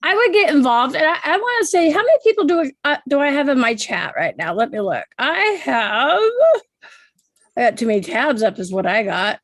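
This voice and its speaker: A high-pitched woman from Oregon hosts a casual livestream chat. She talks in loose, chatty bursts with many restarts and laughs. Her voice sounds dry and close to the mic. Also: expressive, fairly quick, fairly bright tone, no echo. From Oregon, USA. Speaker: livestream host.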